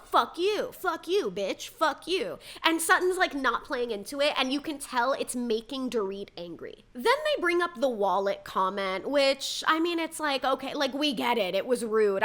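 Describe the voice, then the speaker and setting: A woman's voice: on the high side, fairly bright tone. A young woman hosting a reality TV recap, talking casually, opinionated and heated, often quoting people in mocking voices. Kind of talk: casual commentary vlog.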